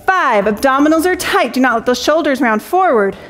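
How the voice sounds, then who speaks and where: A woman's voice: high voice, lively intonation, fairly quick, a bit bright. A young adult woman teaching a Pilates jump board class, counting reps and cheering, a little out of breath. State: slightly out of breath. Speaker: Pilates instructor. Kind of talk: fitness class cueing.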